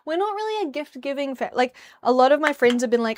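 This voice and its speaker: Tidying her bedroom during a livestream, a young woman from New Zealand rambles chattily, humming and singing nonsense syllables to herself. She has a high, expressive voice and talks briskly, and a slight hiss or hum can be heard.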